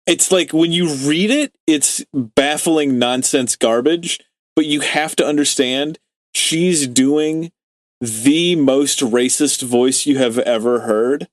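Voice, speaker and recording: A man's voice: on the high side, takes it slowly, no echo. A man in his twenties co-hosting a podcast, chatting casually and rambling with lots of filler words and the odd curse. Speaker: podcast co-host. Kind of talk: casual chat.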